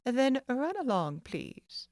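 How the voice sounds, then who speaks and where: A woman's voice: high-pitched, sing-song, slow pace, no echo, clean studio sound, pitched above the performer's own voice, exaggerated voice. A woman voicing a haughty wealthy mother in an audiobook, speaking coldly and sharply. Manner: cold, sharp, scornful. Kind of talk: audiobook character voice.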